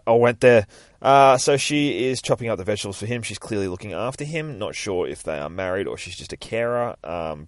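A man rambles through a comic book story, swearing freely. His voice sits low and sounds dry and close to the mic. He records outdoors near his work. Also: dry recording. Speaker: podcast host. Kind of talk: casual comic book retelling.

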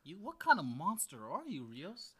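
A young man in easygoing conversation, his voice bright and edgy and a touch higher than most. He talks with big swings of pitch, teasing and laughing as he goes, and drops a curse word here and there. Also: moderate pace, breathy edge. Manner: animated, teasing, laughs often, swears casually. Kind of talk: casual chat.

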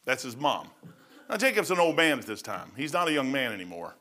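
A middle-aged male pastor preaching a sermon in a folksy storytelling way, acting out quotes loudly. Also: medium pitch, very animated, brisk.

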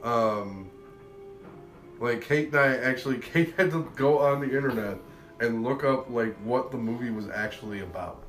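A man's voice: medium pitch, normal speed, fairly bright tone, roomy sound, soft background music. A man co-hosting a podcast, chatting casually in a blunt, opinionated way with mild swearing. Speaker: podcast co-host. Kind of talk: casual chat.

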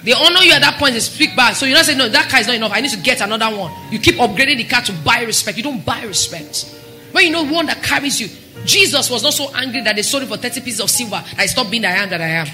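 Impassioned woman pastor with a bright voice. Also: a little high, animated, fast, soft background music. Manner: impassioned, rising to near-shouts. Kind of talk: sermon.

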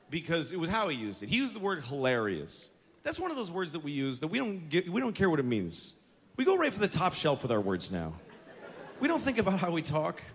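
Ranting stand-up comedian, big swings. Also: male voice, a little high, fairly bright tone, a little hiss or hum. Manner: profane, ranting, mocking impressions of dull speakers. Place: large theater stage with live audience. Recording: live concert recording with audience laughter.

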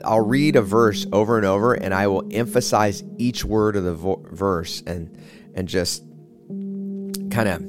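A man teaching a guided prayer method in a relaxed, halting way, with slow, drawn-out readings. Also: low-pitched. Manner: relaxed, halting, with many fillers and restarts. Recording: spa music playing behind. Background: soft spa music.

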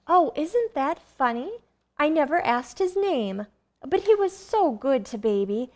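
A sweet, high young wife. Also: female voice, lively intonation, measured pace. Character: cheerful, kindly young wife and mother. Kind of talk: 1940s radio acting.

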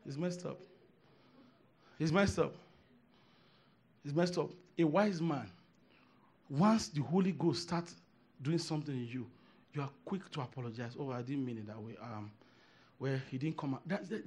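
Emphatic preacher, high husky man's voice. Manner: emphatic, swings between hushed asides and shouted declarations; repeats phrases for emphasis. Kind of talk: sermon.

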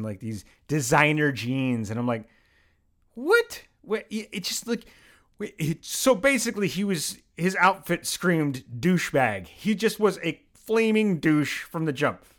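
A young adult man from Pennsylvania hosting a podcast, telling a story in a rambling, animated, self-mocking way and swearing freely. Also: medium pitch. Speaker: podcast host. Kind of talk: casual storytelling monologue.

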